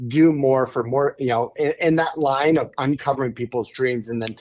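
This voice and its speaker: A man guest on a podcast, an animated, emphatic storyteller. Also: medium pitch, moderate pace. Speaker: guest, author and keynote speaker. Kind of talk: casual podcast interview storytelling.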